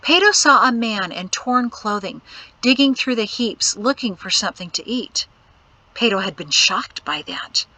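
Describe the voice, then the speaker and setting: A woman reads an audiobook aloud with a clear, bright tone that sits a little high. Her delivery is measured and expressive, and the close studio recording has almost no room sound. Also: no echo, rough recording. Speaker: audiobook narrator. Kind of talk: scripted narration.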